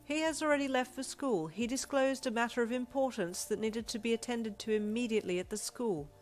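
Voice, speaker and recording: A woman doing a prim, high-voiced servant. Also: a little fast, darkish tone, soft background music, natural voice. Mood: formal. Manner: crisp, formal and precise. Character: prim, formal household servant.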